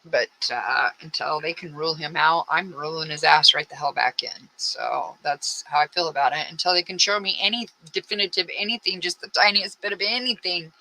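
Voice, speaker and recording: Blunt, sharp-voiced woman on true crime. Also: low-pitched, brisk, creaky, few pauses, a little hiss or hum, low-quality recording. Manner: rambling, blunt, frustrated asides. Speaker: true crime channel host. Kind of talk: casual true-crime commentary.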